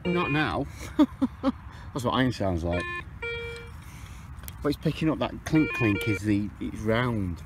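Out of breath in an open field, a chatty man gives casual outdoor commentary to camera about his metal detecting. His pitch swings widely, leaping up when he gets excited, with faint outdoor noise behind him.

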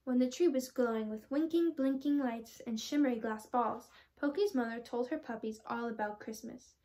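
A teenage girl reading a children's storybook aloud, with clear, expressive storytelling. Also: a little high, normal speed. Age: teens. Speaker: storybook reader.

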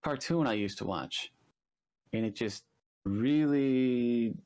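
A man playing a board game, thinking out loud and second-guessing his moves with self-deprecating humor. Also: medium pitch, takes it slowly. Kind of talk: casual chat during a game.

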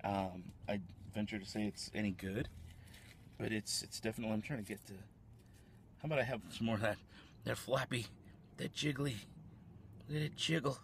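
A man's voice: fairly low pitch, steady tone, moderate pace, pauses often, a little hiss or hum. Chatty man vlogging a food tasting. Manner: chatty, rambling, eating while talking. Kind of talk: casual food-tasting vlog. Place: fast food restaurant.

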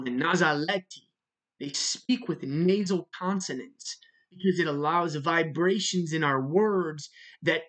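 A speaker giving a religious monologue in a measured way, spelling out words letter by letter and repeating them for emphasis. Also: mid-range voice. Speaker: religious video narrator.

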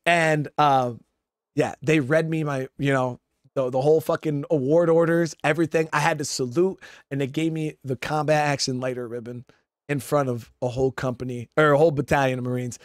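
Ex-marine guy rambling thru a story, swears a lot, kinda high voice, dry sound. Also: steady tone, a little fast, no room sound. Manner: profane, rambling, keeps addressing listeners as guys. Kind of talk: casual spoken storytelling.

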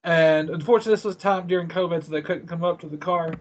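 A man's voice: fairly high pitch, fast, lo-fi sound. A man who is a guest in a casual interview, telling rambling stories in a laid-back way.

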